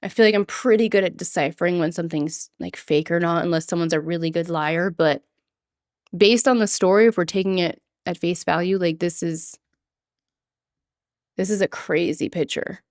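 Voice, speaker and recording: A woman streaming casually to her chat, chatty and giggly, sometimes mimicking a quoted line in a higher voice. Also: moderate pace, darkish tone, dry recording, studio quality. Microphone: desk microphone.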